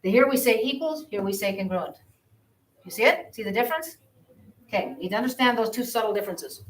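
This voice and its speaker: A woman's voice: mid-range voice, sing-song, fast talker. Woman teaching math in an echoey classroom. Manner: conversational, repeats herself while explaining. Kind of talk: classroom lecture. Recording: roomy classroom audio from a distance.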